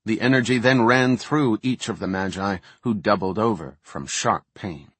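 A man reading a fantasy audiobook in a measured, steady way. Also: on the low side, husky, dry recording. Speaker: audiobook narrator.

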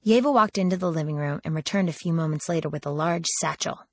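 A woman's voice: deep voice, fast, few pauses, dry recording. A woman reading a first-person audiobook in a wry, sardonic storytelling manner, lifting her voice for quoted lines. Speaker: audiobook narrator.

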